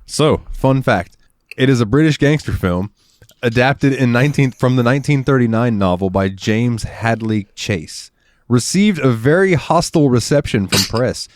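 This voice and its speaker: A man's voice: mid-range voice, expressive, moderate pace, no room sound. A man on a podcast reading film trivia aloud with wry, laid-back asides in casual chat. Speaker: podcast co-host.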